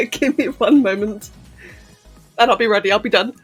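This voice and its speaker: A woman's voice: a little high, a little slow, slightly rough, faint music behind. A woman chatting casually on a live stream, hyper and giggly, answering chat messages as she goes.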